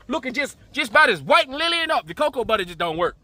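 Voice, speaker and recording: High, bright-voiced man ranting profanely. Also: big pitch swings, rapid-fire, hardly any pauses, no echo. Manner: profane, emphatic, preachy. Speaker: commentary host. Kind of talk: ranting reaction commentary.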